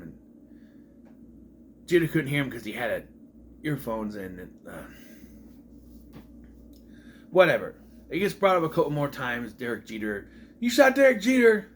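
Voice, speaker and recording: A man's voice: mid-range voice, fairly bright tone, slight background noise. A man giving a casual, opinionated movie review, ranting with sarcastic and exasperated asides.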